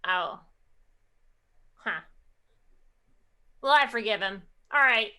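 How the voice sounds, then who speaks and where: Woman, bright voice, playful, casual game chat. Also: a little high, expressive, takes it slowly. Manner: playful, laughing easily. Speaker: player.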